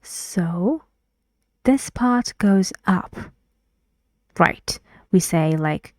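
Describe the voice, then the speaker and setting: A woman teaching English pronunciation in a slow, patient way, often dropping to a breathy half-whisper. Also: on the low side, expressive, a little mellow, no room sound, clean studio sound. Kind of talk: pronunciation lesson.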